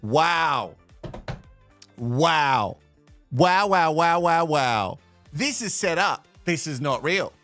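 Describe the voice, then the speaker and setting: A man's voice: on the high side, expressive, drawn-out words, long pauses, a bit bright, soft background music. An Australian man hosting a live watch-along, sarcastic and swearing with bursts of laughter. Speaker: host reacting to a reality show.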